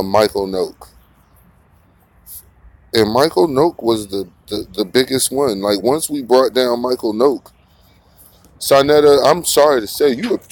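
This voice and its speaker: A man's voice: mid-range voice, a little mellow. A man hosting a casual morning commentary, rambling and profane, mocking his targets and laughing often. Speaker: commentary channel host.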